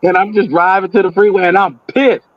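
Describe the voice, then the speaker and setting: A man telling a personal story in casual talk, animated, acting out the voices of the people in it. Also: high voice, brisk, no room sound, dull audio.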